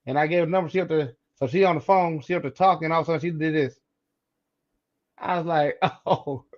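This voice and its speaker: A man co-hosting a podcast, telling a childhood story in casual chat, animated and acting out the voices in it. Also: a little high, a little fast, muffled recording. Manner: animated, acts out quoted voices, repeats words. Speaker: podcast co-host.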